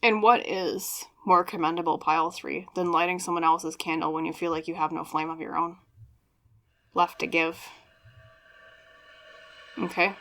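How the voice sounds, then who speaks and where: A woman talks through a pick-a-card tarot reading in a sincere, chatty way, often stopping to check in or apologize. Her voice is bright and somewhat forceful, and it sits a little low for a woman. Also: steady tone, moderate pace, pauses often. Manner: earnest and apologetic, openly emotional. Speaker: tarot reader.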